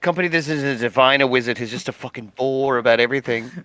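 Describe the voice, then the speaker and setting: Bright, sweary young man playing a tabletop game. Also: medium pitch, no echo. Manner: joking, sweary, quick asides. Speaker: player. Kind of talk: casual tabletop game chat.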